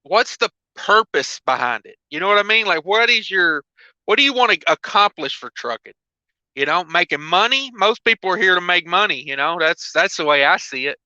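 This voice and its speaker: Male trucker host, laid-back rambling chat, high smooth voice, lo-fi recording. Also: animated, normal speed, sharp tone, no room sound. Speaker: trucker hosting a livestream. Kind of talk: casual livestream chat. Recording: dull lo-fi dry sound.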